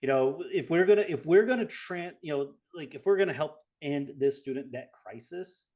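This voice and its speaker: A man from Southern California co-hosting a webinar, explaining things through drawn-out analogies. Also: on the high side, animated, a little mellow. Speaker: co-host. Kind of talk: webinar talk.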